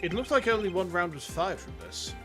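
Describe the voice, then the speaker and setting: A man doing a gruff, loyal cop from a game, his voice dropped way down and lively, tossing out "pal" at the end of his lines. Faint music plays under him. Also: a little fast. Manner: low, gruff, drawls "pal". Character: gruff, loyal male police detective.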